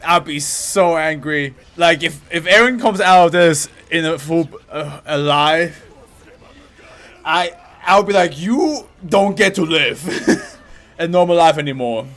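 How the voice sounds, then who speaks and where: A man reacting out loud to an anime episode, laughing, swearing and talking back to the screen. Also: a little high, lively intonation, slow pace. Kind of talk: casual reaction commentary.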